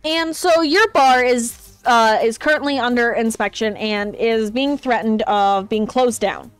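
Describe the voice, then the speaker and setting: A woman's voice: a little high, unhurried, clean tone, no room sound, soft background music. A woman streaming a game, chatting casually and explaining the story with many fillers. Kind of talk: casual gameplay chat.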